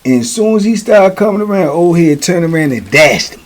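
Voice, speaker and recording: A man's voice: on the high side, very animated, fairly quick, noisy background. A middle-aged man telling prison stories in a casual, slangy, repetitive way. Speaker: storyteller, show host.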